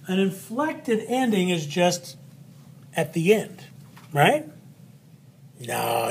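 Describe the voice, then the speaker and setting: A man walks students through a spelling lesson in an upbeat, chatty way. He talks at an unhurried pace in a fairly high voice. Playful asides break in while he cuts and glues cards. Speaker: teacher.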